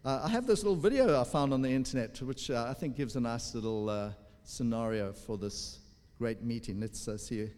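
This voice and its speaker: A pastor preaching a sermon in an explanatory manner, pausing with fillers. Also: male voice, medium pitch, darkish tone, in a large hall.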